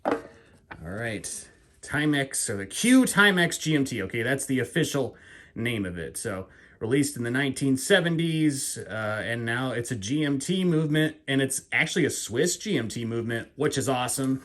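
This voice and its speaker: Breathless excitable man unboxing a watch. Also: medium pitch, moderate pace. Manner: excitable, rambling, self-mocking. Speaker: watch channel host. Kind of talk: casual unboxing vlog.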